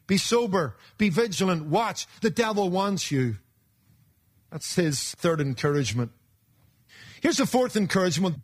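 A man preaching a sermon in an emphatic, folksy way, swinging between loud bursts and hushed asides. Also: fairly high pitch.

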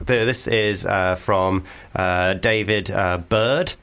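A man's voice: sits low, fairly even intonation, slow pace, fairly bright tone. A man co-hosting a casual comedy podcast, playful and full of wordplay, often hesitant. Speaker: podcast co-host.

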